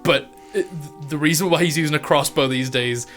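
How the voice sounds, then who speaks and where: A man's voice: fairly high pitch, a little fast, fairly bright tone, faint music behind. A man running a tabletop game as dungeon master, narrating in a chatty, loose style and laughing often.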